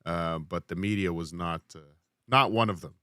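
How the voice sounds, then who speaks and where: Man from Canada, bright tone, dry close sound. Wry podcast guest with deadpan jokes. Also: low-pitched, moderate pace, clear, resonant tone, no room sound. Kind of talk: casual chat.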